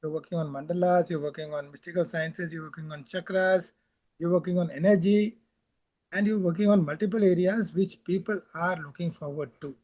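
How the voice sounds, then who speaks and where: A man's voice: sits high, fairly even intonation, a little fast, darkish tone. A man opening an interview with a polite, formal and long-winded introduction of his guest.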